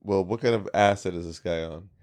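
Low-voiced man, relaxed and joking. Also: brisk. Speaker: podcast guest. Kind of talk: casual chat.

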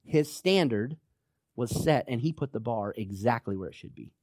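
A man's voice: medium pitch, lively intonation, moderate pace, a little mellow, no echo, studio quality. A man preaching a sermon as pastor, emphatic and exhorting, rallying listeners with "come on now".

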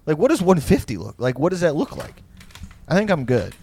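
A man's voice: a little high, big pitch swings, a little fast, darkish tone, slightly rough. A young man co-hosting a podcast, telling rambling, profane stories in casual chat. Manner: profane, rambling storytelling with frequent laughs. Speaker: podcast co-host.

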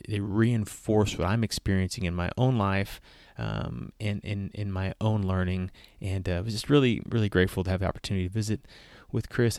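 Deep gravelly man hosting. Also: a little mellow, no room sound, studio quality. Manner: rambling, repeats words when starting sentences. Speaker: podcast host. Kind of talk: casual interview chat.

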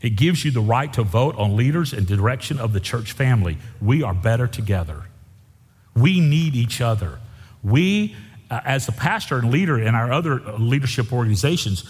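A husky-voiced man delivers a folksy, emphatic sermon, driving his points home by repeating them. His voice carries a long reverb through the church sanctuary. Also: medium pitch, animated, normal speed, a little mellow. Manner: folksy, emphatic preaching with repetition. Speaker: pastor.

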